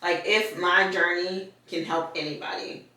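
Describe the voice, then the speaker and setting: Life coach guest, bright voice, reflective and quick to laugh, really echoey and far off mic. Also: medium pitch, steady tone. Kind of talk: casual faith conversation.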